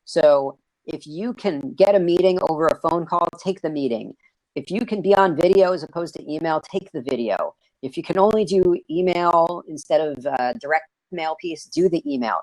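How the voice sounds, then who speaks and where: Host type: an excitable man chatting over a video call, bouncy delivery, dry close sound. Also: on the high side, moderate pace, no room sound, poor audio. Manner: energetic, excitable, raises his voice. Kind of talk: casual live video-stream chat.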